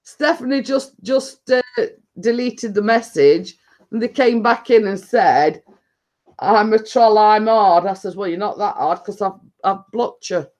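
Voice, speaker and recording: A woman's voice: medium pitch, a little slow, darkish tone. A woman with a northern English accent chatting casually on a live stream, rambling and laughing often.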